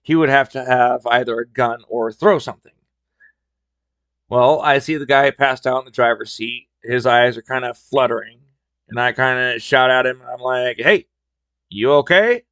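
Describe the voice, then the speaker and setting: A man's voice: medium pitch, fairly even intonation, normal speed, a bit bright, clean tone, no echo, highs cut off. A man hosting a podcast, telling work stories in a casual, wry, conversational way. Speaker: podcast host. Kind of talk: casual storytelling.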